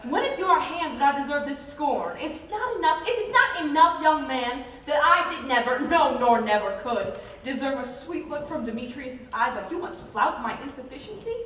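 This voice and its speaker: A woman's voice: sits high, expressive, moderate pace, hardly any pauses, fairly bright tone, a little hiss or hum. A woman playing a lovesick, self-pitying young woman in a live school stage play, with a plaintive, pleading delivery. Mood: wounded. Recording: echoey hall from far off.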